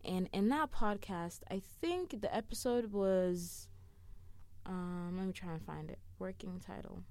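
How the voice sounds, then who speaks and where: A woman's voice: medium pitch, a little slow, dark tone. A young woman giving friendly advice in a chatty, rambling way, often laughing and sidetracking herself. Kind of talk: casual talk to camera.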